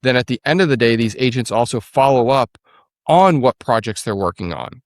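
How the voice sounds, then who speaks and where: A man's voice: medium pitch, animated, moderate pace, no echo, studio quality. A man speaking as a podcast guest, explaining his work in a direct, matter-of-fact way. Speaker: podcast guest, agency founder. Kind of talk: casual interview chat.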